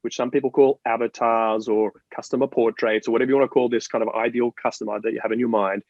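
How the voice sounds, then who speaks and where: A man from Australia, a guest in an interview, explaining ideas in an animated, storytelling way with many restarts. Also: medium pitch, fast, no room sound, lo-fi sound. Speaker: marketing guest. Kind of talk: interview conversation.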